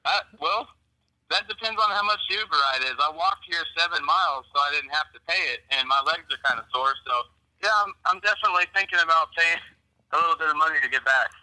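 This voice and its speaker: Bright-voiced man calling in by phone. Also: a little high, quick pace, low-quality recording. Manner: laid-back, hesitant. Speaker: phone caller. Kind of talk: casual phone chat. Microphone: phone held up to a microphone.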